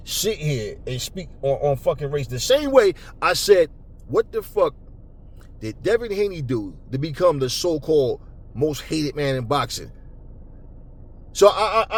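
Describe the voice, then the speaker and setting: A man hosting a boxing talk channel, ranting angrily and profanely at commenters, stumbling over repeated words when worked up, then cooling into calmer talk. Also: breathy edge. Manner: calmer and lower later on. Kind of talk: angry unscripted rant to camera.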